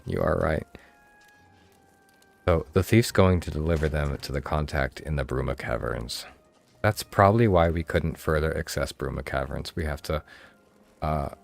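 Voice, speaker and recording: A man's voice: extremely low pitch, creaky. A man with a Mid-Atlantic accent chatting casually with his viewers while streaming a game. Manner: chatty, joking, addresses chat. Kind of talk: casual gameplay commentary.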